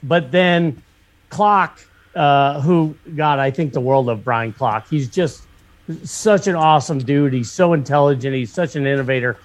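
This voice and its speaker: A fairly high-voiced man from Pennsylvania spins a long, rambling story in casual conversation. He swears freely and tumbles through fillers and restarts as he goes. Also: unhurried. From northwestern Pennsylvania. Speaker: motorcycle shop owner. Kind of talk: casual storytelling in a podcast chat.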